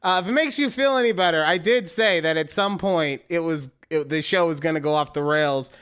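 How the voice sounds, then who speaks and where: A young man co-hosts a podcast in a smooth voice on the high side, speaking fairly quickly. He chats casually and brings his stories to life by acting out quotes.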